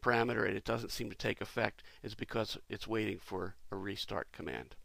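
A man, a company president, talking through a product demo in a relaxed, explanatory way with frequent pauses. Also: lowish voice, vocal fry, dry recording. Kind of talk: casual product demo walkthrough.

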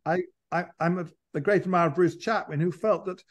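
Man, slightly high pitch, interview guest, thoughtful, digressive, frequent restarts. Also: fairly even intonation, a little fast. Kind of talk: conversational interview.

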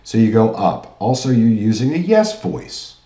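Low dark-voiced man giving a sales training. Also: big pitch swings, moderate pace, reverberant, lo-fi sound. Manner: pushy salesman pep talk, frequent "guys" and "right?". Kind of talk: online training lecture.

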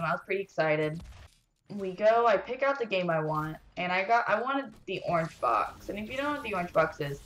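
A young woman telling a rambling, swear-heavy story while playing a video game, venting in an animated way. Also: mid-range voice. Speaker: gaming streamer. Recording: roomy echo, faint background noise.

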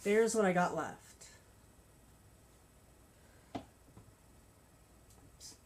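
Casting note: woman crochet vlogger, unhurried, chatty and gushing, faint room hum behind. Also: medium pitch, expressive, darkish tone. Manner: chatty, gushing, laughs often. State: a bit out of breath. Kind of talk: casual show-and-tell chat.

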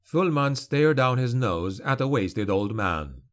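Male narrator, dark fantasy audiobook, measured dramatic reading, mid-range voice. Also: medium pitch, animated.

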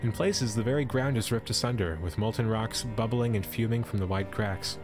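A man's voice: fairly low pitch, fairly quick, over music. A man streamer reading an adventure storybook aloud, breaking off for playful asides. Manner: playful asides and laughs between narration.

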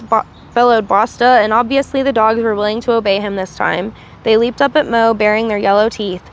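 A woman's voice: on the high side, steady tone, fairly quick. Woman reading a novel aloud, faint traffic. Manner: reads with small slips and restarts, asides in between. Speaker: reader.

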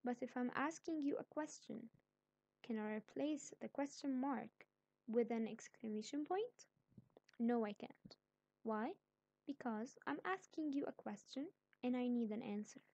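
Higher-voiced woman teaching grammar, mellow, dry. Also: unhurried, no room sound, muffled recording. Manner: patient, explains step by step, then acts out example sentences. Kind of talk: grammar lesson.

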